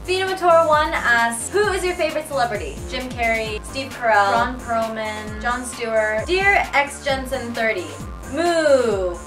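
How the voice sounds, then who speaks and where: A young woman hosting a comedic web news roundup, snarky and playful with quick jokey asides. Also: on the high side, music in the background. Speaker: show host.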